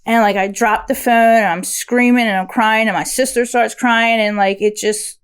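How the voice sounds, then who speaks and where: A woman's voice: a little high, steady tone, normal speed, clean tone. A woman sharing her recovery story on a podcast, speaking candidly, with many fillers and restarts.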